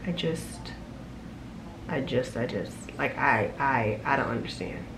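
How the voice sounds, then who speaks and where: A young adult woman and flight attendant, telling a story in a casual, animated, sassy vlog from a room at home, recorded on a camera mic. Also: extremely low pitch, slow, noisy background. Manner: animated, sassy, loud laughs, exclaiming.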